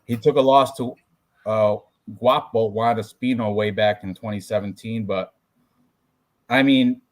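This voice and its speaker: A man's voice: fairly low pitch, fairly even intonation, measured pace. A man hosting a casual podcast about fight predictions, talking loosely with crude jokes and banter. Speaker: podcast host.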